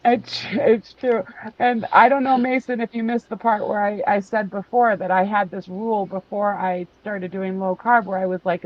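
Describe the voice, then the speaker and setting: A woman's voice: medium pitch, fairly even intonation, normal speed. Chatty woman hosting a lo-fi livestream. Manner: chatty, laughs often, talks to chat readers. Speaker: livestream host. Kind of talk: casual livestream chat. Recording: dull lo-fi stream audio.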